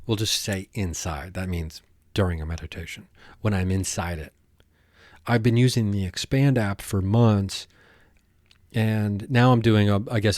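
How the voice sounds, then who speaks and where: A man hosting a podcast, talking alone in a rambling, halting way with many restarts. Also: deep voice, a little mellow, dry recording, clean studio sound. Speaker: podcast host. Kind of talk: casual monologue.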